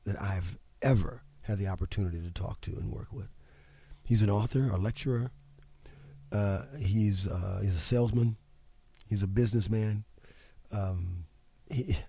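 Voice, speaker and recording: A man's voice: on the low side, mellow, husky, no echo. A man hosting a show, giving a motivational talk in an emphatic, preachy way and repeating phrases for effect. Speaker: radio show host.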